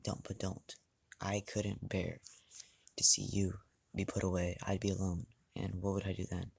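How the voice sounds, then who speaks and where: A man voicing an anxious, protective mother of a teenage boy in a read-aloud fan story, pleading and halting with restarts. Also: low voice, monotone, vocal fry, darkish tone, slightly rough, exaggerated voice. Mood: worried.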